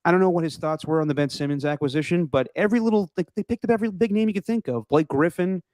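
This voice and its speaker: A man hosting a sports podcast in casual chat, rambling and opinionated, his voice going hoarse. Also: high voice, very fast, a little mellow, dry recording, clean studio sound. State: losing his voice. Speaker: podcast host.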